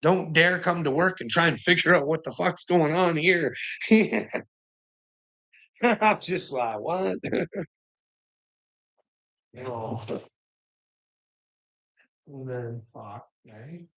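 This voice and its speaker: A man's voice: fairly high pitch, animated, drawn-out words, long pauses, pushed and bright. A man talking straight to camera in a rambling monologue, swearing constantly, agitated and often breaking into laughter. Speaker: vlogger.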